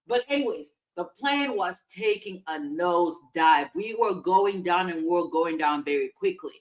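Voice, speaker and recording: A woman co-hosting a podcast, telling a story in a casual, animated way with big swings in loudness. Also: fairly low pitch, moderate pace. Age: adult parent of a young child. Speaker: podcast co-host.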